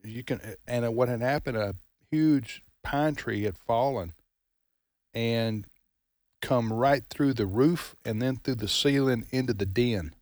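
A man's voice: mid-range voice, a little mellow, no echo. Host guy rambling thru a story, lots of uhs, dry sound. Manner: rambling, halting storytelling with fillers. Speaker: talk show host. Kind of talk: casual radio talk.

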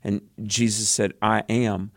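A man's voice: fairly low pitch, little pitch movement, measured pace, vocal fry, no room sound, clean studio sound. A man hosting a radio Bible program, folksy and emphatic, sprinkling in amens. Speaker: radio show host. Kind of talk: radio Bible study chat.

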